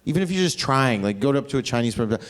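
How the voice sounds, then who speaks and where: A man's voice: mid-range voice, expressive, very fast. A man from Canada doing stand-up crowd work on a club stage, brash and profane. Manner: brash, profane, swings into mocking put-on voices. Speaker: stand-up comedian. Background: audience laughter.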